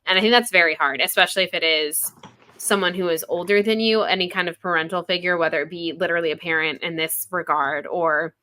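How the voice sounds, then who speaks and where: Woman, podcast co-host, bright forward tone, reflective casual chat full of fillers. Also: on the low side, fairly even intonation, fast talker, no echo. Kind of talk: casual book-club chat.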